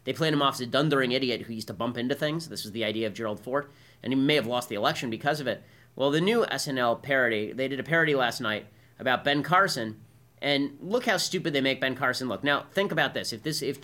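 A man's voice: medium pitch, bright, forceful tone. A man hosting a political commentary show, delivering a combative, emphatic monologue. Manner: combative, emphatic, keeps asking "right?".

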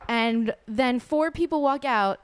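A woman co-hosting a podcast who tells a travel story in lively casual chat, laughing and acting out the voices of people she quotes. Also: on the high side, takes it slowly, clean tone. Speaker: podcast co-host.

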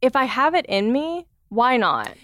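A woman's voice: on the high side, very animated, a little slow, a bit bright, no room sound. Chatty woman guest, dry close mic. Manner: chatty, laughs often, acts out quoted voices. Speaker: podcast guest. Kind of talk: casual interview chat.

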